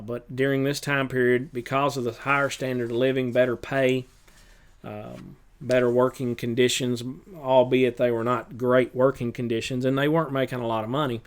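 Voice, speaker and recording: Guy teacher going over the test, smooth voice, lots of uh and um, kinda halting. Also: medium pitch. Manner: halting, many filler pauses; plain, matter-of-fact instruction. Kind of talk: test review lecture.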